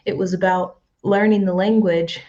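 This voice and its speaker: A young American woman speaks as a guest in a relaxed interview, her voice at an average pitch. She tells lively stories and slips into other people's voices when she quotes them. The audio sounds dull and lo-fi, like a video call. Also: normal speed. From United States. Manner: lively storyteller who acts out quoted voices. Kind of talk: casual interview chat.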